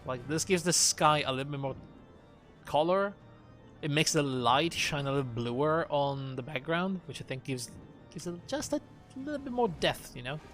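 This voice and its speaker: A man's voice: a little high, normal speed. Chatty man streaming a game. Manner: chatty and relaxed, reacts to the game with hedges and fillers. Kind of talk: casual live-stream commentary. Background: game music.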